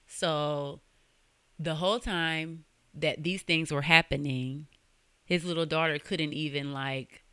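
A young woman tells a true-crime story on her podcast in loose, slangy talk, cursing as she goes. Her voice is bright and forward, recorded close and dry with no room sound. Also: low voice, steady tone, takes it slowly, clear, resonant tone, no echo. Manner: conversational, slangy, swears freely. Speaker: podcast host.

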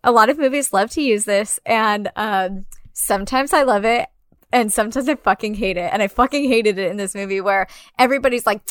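A woman's voice: medium pitch, a little fast, dry recording, studio quality. A woman co-hosting a podcast, chatting casually about a movie, full of "like" fillers and sarcastic asides. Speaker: podcast co-host. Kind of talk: casual movie recap and discussion.

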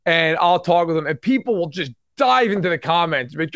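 A man in his thirties co-hosting a casual sports talk show, animated and mimicking fans in loud put-on voices. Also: fairly high pitch, brisk, few pauses, no room sound, studio quality. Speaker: sports podcast co-host.

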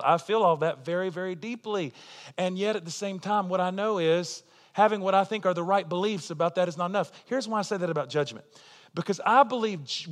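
Male preacher with a high voice, impassioned, dynamic sermon delivery in a reverberant church hall. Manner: impassioned, swings from quiet to loud. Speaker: pastor.

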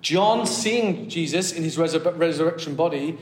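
A man, preaching a chatty, self-deprecating sermon that turns animated as he warms up. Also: fairly high pitch, moderate pace. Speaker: pastor. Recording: echoey hall.

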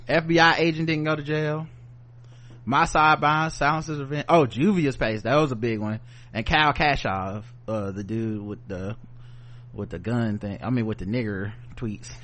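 A man co-hosting a podcast in loose casual chat, cussing freely and thinking out loud as he reads listener comments. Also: mid-range voice, normal speed. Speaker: podcast co-host.

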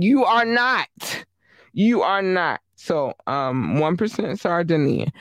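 Man, casual vlog talk, emphatic, slightly high voice, slow delivery, dry close sound. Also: no room sound. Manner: animated, emphatic, repeats himself.

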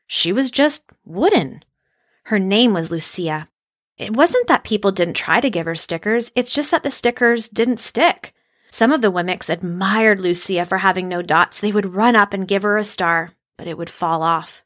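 A woman reads a children's story aloud, shaping each line in an expressive storytelling way. Her voice sits at an ordinary middle pitch. The recording is dry and close, with no room sound. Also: moderate pace, no echo. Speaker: narrator.

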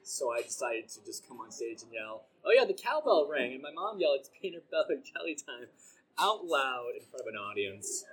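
Husky, bright-toned chatty man. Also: mid-range voice, big pitch swings, rough recording. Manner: self-deprecating, quick and chatty, many "like" fillers. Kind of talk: casual conversation.

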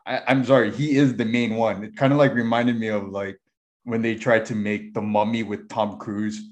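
Low-voiced male podcast co-host. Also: steady tone, moderate pace. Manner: thoughtful, hedging with "like", steers topic back. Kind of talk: casual chat.

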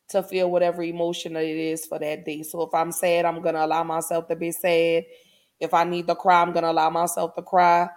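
Woman podcast host, low voice, flat even delivery, warm encouraging casual talk, heartfelt affirmations.

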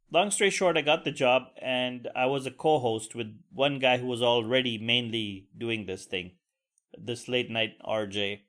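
A man's voice: medium pitch, fairly bright tone. A young man hosting a solo podcast, telling a profane, rambling story and venting with crude asides. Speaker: podcast host. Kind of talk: casual solo podcast rant.

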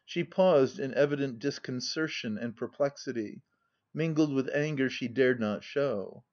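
A man narrating a classic novel as an audiobook in an even, measured reading style. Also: mid-range voice. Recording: slightly dull lo-fi audio.

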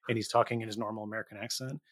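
A man's voice: lowish voice, level tone, rapid-fire, a bit bright. A man hosting a podcast interview, asking questions and trading stories conversationally. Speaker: podcast host. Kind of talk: casual interview chat.

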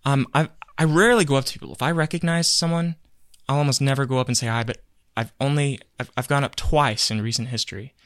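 A man's voice: mid-range voice, fast talker, hardly any pauses, no echo, clean studio sound. A man co-hosting a podcast, telling a story in casual chat and acting out the quotes. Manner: animated storytelling, acts out quotes. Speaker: podcast co-host.

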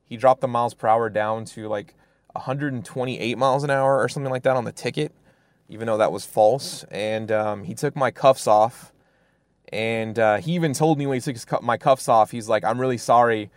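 A man's voice: medium pitch, fairly quick, no echo. A young man from Fresno, California, telling a personal story in casual talk, full of fillers and restarts. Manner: rambling, many fillers and restarts. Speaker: guest storyteller.

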